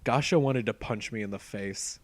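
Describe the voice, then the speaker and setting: A man's voice: fairly low pitch, moderate pace, crowd noise. Young man telling stories animatedly. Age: around 20. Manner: animated storyteller, frequent "like" fillers. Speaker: podcast co-host. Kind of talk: casual chat.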